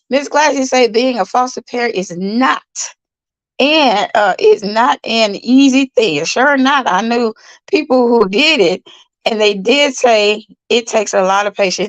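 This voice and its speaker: A woman's voice: mid-range voice, no room sound, poor audio. A middle-aged woman, hosting a casual livestream from her bed, tired, chatty, repeating herself and greeting viewers by name. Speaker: livestream host. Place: in bed at home.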